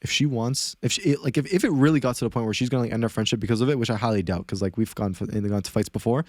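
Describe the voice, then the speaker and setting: A mid-range male voice tells a story on his podcast, fast and animated, in a casual conversation littered with fillers and restarts. The studio sound is clean, with no echo.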